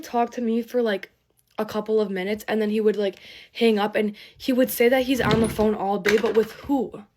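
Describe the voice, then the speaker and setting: A young woman telling a personal story while getting ready, rambling with many fillers and frequent swearing, shaken and emotional. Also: mid-range voice. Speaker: TikTok storyteller. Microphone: phone camera.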